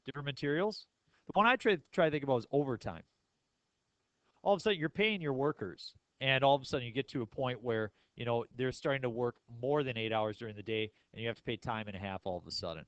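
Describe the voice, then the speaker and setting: A man teaching a math class in a relaxed, joking way, tossing questions to his students. His voice sits at an ordinary middle pitch. The sound is dry and close, with no echo. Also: fast, highs cut off. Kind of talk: classroom lecture.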